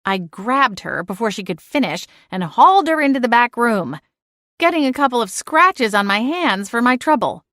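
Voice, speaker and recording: A woman's voice: a little high, sing-song, normal speed, a bit bright, no room sound, studio quality. Woman narrating a first-person audiobook.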